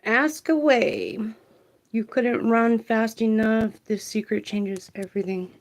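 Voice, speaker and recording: A woman's voice: on the high side, fairly even intonation, takes it slowly, slight background noise. A woman, doing a casual tarot livestream, chatty and laughing as she reads viewer comments aloud.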